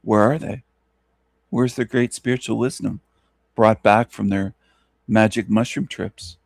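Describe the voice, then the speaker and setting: A man's voice: fairly low pitch, steady tone, takes it slowly, vocal fry, pauses often, dry recording, studio quality. A man hosting an online radio show, ranting scornfully at his listeners with mocking laughs and rhetorical questions. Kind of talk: scornful solo rant.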